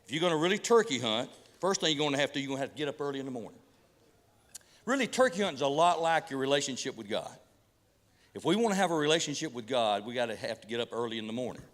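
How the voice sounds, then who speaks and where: A middle-aged pastor spins folksy hunting stories into a sermon, stumbling and restarting as he goes. He mixes humor with preaching in a relaxed, homespun way. His voice rings through a large church hall with a long reverb tail. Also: medium pitch, racing.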